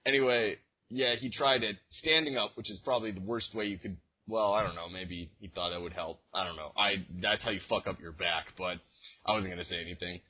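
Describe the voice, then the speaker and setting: Speaking fairly quickly in a lowish voice, a young man co-hosts a podcast and tells rambling, casual stories packed with fillers and restarts. The lo-fi audio is dull.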